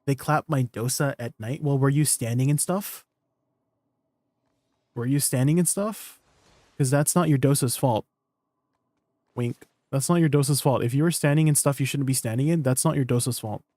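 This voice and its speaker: A man's voice: medium pitch, moderate pace, pauses often, dark tone, no room sound. A young man streaming a game, answering his viewers in a teasing, incredulous way. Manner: incredulous, teasing replies to chat. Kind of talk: live stream chat with viewers.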